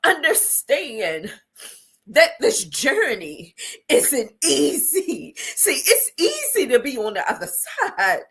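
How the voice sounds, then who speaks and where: A woman's voice: sits high, wildly swooping pitch, slow, fairly bright tone. A middle-aged woman hosting an inspirational show, speaking in an emotional, preacher-like monologue with repeated phrases, near tears and defiant. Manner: preacher-like repetition, tearful and defiant. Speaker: host.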